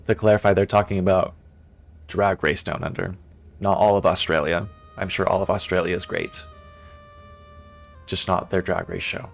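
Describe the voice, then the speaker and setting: A man's voice: sits low, steady tone, normal speed, vocal fry, long pauses, soft background music. A man streaming a puzzle game, chatting casually with his viewers and thinking aloud as he plays. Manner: chatty and playful, answers chat, thinks aloud. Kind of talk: casual live-stream commentary.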